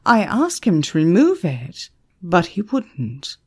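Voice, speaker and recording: A woman's voice: on the low side, huge pitch swings, takes it slowly, slightly rough, exaggerated voice. A woman voicing a cool, commanding female former spy who speaks in a cold, controlled way.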